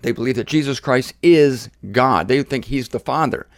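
A middle-aged man preaching an informal sermon series, conversational and animated, mimicking his critics. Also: mid-range voice, normal speed, no room sound, studio quality.

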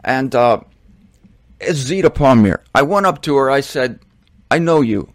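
A middle-aged man hosting a casual storytelling monologue, rambling and correcting himself with animated asides. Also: mid-range voice, a little slow, dry recording, clean studio sound. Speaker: host.

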